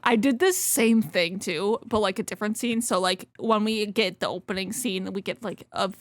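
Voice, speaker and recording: A woman's voice: mid-range voice, moderate pace, dry recording. A young woman co-hosting a podcast, chatting casually, laughing often and swearing. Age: young adult. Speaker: podcast co-host. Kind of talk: casual chat.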